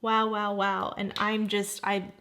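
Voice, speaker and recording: A woman's voice: medium pitch, completely flat delivery, slow, fairly bright tone, slight background noise. Effusive woman in her forties. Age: 40s. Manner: effusive, gushing exclamations. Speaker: beauty vlogger. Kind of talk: casual makeup review.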